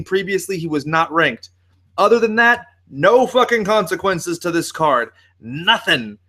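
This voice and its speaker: A man's voice: sits high, a bit bright. A young man hosting a podcast alone, ranting in a sarcastic, profane way. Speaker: podcast host. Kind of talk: solo podcast monologue.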